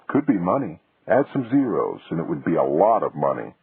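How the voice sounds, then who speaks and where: A man doing a curious woman reporter who asks pointed questions with a husky edge. The sound is dry and thin, like a phone line. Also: deep voice, very animated, fairly quick, no room sound, heavily acted. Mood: probing. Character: woman, a sharp, inquisitive journalist. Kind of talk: audiobook dialogue.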